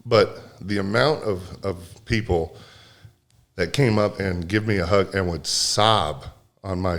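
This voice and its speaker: A low-voiced man telling heartfelt stories on a casual podcast, full of fillers and restarts. His voice catches as he gets emotional. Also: a bit bright. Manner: rambling with many restarts and fillers. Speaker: podcast co-host. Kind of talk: casual chat.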